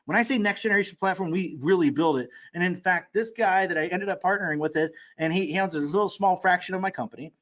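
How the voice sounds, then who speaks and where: An excitable man giving an energetic sales pitch for an online marketing course, talking in a rush with many fillers and restarts. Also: fast talker, hardly any pauses, muffled recording.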